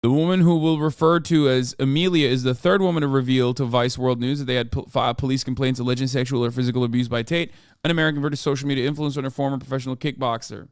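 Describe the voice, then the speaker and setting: A man's voice: mid-range voice, fairly even intonation, quick pace, clear, resonant tone, dry recording, clean studio sound. A man streaming a reaction to a news article, heated and profane, rambling in bursts. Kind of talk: reaction commentary.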